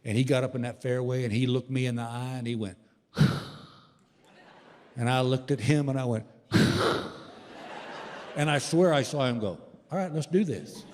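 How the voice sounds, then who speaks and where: An older man doing folksy, animated stand-up storytelling, acting out the voices of the people in his stories. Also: mid-range voice, normal speed, long pauses. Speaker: stand-up comedian. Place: large live venue with audience laughter. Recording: live stage recording with hall reverb.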